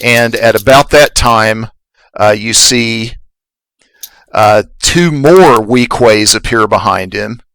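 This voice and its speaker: A man narrating as game master of a tabletop game, relaxed and halting, with many fillers. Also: lowish voice, no room sound, rough recording.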